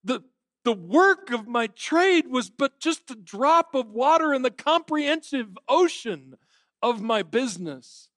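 A man's voice: very high voice, sing-song, fairly bright tone, no room sound, studio quality, voice pushed up, full character voice. Man putting on Marley's shrieking ghost. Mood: anguished shrieking. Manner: shrieking, drawn-out, pleading. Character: anguished male ghost full of remorse. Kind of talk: dramatic reading in a sermon.

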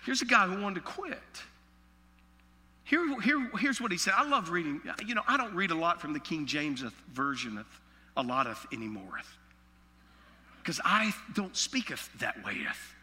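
A pastor from Alabama with a Southern accent, preaching a sermon with folksy, joking asides. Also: male voice, high-pitched, expressive, normal speed, sharp tone, long reverb tail.

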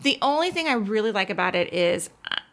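A woman co-hosting a podcast, chatting casually and enthusiastically about TV shows she has been watching, with lots of "like" and quick asides. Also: medium pitch, big pitch swings, fairly bright tone. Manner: chatty and enthusiastic, many fillers. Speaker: podcast co-host.

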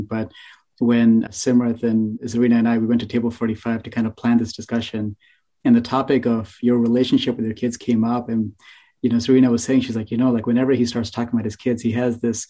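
A male podcast host speaks in a mellow, even voice and thanks his guests with earnest gratitude. His pitch stays level throughout. He talks in a casual, unscripted way. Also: fast. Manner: earnest, grateful, even-toned. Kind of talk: casual interview chat.

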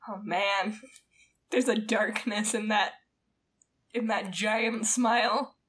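A woman's voice: mid-range voice, fairly even intonation, takes it slowly, fairly bright tone, breathy edge. A woman co-hosting a podcast, giving frank, wry opinions in casual chat. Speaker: podcast co-host.

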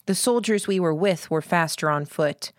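Woman, audiobook narrator, steady storytelling, low voice, dry close recording. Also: moderate pace, dry recording. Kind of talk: scripted narration.

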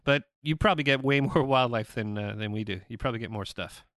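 A man hosting his own podcast, talking in a relaxed, rambling way with many fillers. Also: medium pitch, quick pace, dry recording, studio quality. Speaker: podcast host. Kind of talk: casual chat.

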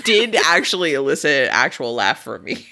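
A man's voice: on the high side, big pitch swings, moderate pace, bright, forceful tone. A man co-hosting a podcast, recapping a movie plot casually, laughing and swearing often. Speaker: podcast co-host. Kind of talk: casual chat, movie review.

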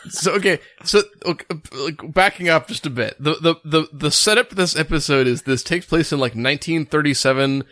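A man's voice: fairly high pitch, fairly quick, few pauses, pushed and bright, no room sound. A man co-hosting a podcast in casual chat, rambling with lots of "like" fillers and restarts. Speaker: podcast co-host.

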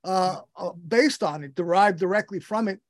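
A man's voice: sits high, normal speed, dry recording, studio quality. A man hosting an interview, enthusiastic and rambling, with many restarts as he introduces his guest. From United States. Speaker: podcast host.

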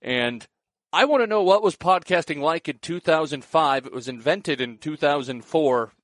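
A man's voice: on the high side, animated, moderate pace, a bit bright, no echo. A man hosting a podcast, asking curious questions with light jokes. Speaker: podcast host. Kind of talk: casual interview questions.

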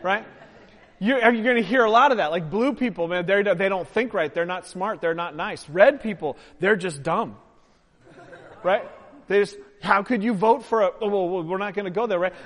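High-voiced pastor guy joking around with his congregation, big echoey church hall. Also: moderate pace, fairly bright tone. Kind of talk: sermon with audience participation. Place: church sanctuary.

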